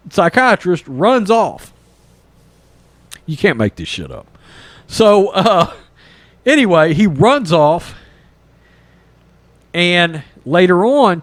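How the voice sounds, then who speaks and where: A man's voice: a little high, no echo. A man, hosting a podcast and casually retelling a movie plot, rambling and swearing freely. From East Texas. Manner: rambling, animated, swears freely, acts out character lines. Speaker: podcast host reviewing a film.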